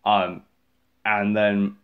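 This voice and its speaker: A man's voice: on the low side, little pitch movement, drawn-out words, smooth, narrow, tinny audio. A man casually recapping a movie in a rambling, exasperated, sarcastic way, full of fillers. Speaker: movie reviewer.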